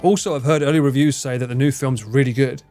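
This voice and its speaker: A man's voice: mid-range voice, fairly even intonation, fast talker, mellow, soft background music. A man in casual live-stream chat, rambling, swearing freely and laughing often as he answers his chat. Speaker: livestreamer.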